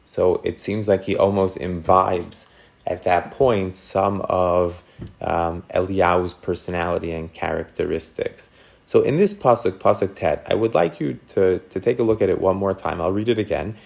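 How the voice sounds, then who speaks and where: A man's voice: deep voice, moderate pace, vocal fry, darkish tone. A man teaching a text class on scripture, asking his students questions and thinking aloud as he explains. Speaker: Torah teacher.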